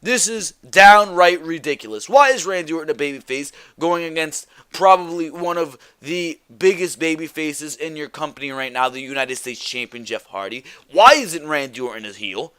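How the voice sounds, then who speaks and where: Fed-up guy ranting, highish smooth voice, dry close mic. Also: moderate pace, hardly any pauses, pushed and bright, dry recording. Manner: exasperated, repetitive rhetorical questions. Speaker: wrestling show reviewer. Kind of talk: ranting solo review.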